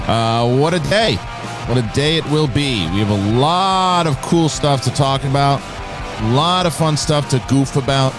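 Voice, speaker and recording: Male host in his thirties, animated and lively storyteller, faint music behind. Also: medium pitch, moderate pace. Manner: animated storyteller, laughs often, acts out his kids. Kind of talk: casual live show chat.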